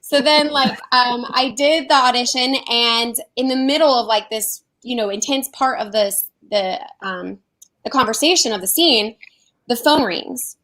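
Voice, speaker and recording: An actress telling animated stories about auditions in a casual interview. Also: female voice, fairly high pitch, unhurried, poor audio. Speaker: actress guest.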